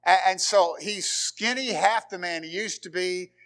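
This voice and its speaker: A pastor preaching a conversational sermon in church, with dramatic pauses and repeated phrases. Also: male voice, high-pitched, a bit bright. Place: church sanctuary.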